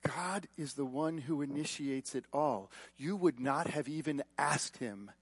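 High-voiced preacher man. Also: breathy edge, dry recording. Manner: dynamic preacher, swings from loud emphasis to hushed tones; storytelling with repeated words and quick asides. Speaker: pastor. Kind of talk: sermon. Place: church.

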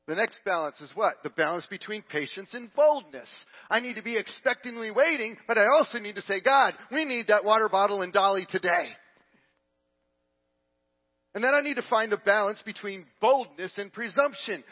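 A male pastor preaching a sermon, telling a story and moving from loud, lively passages to hushed, quiet ones. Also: sits high, slightly rough, highs cut off.

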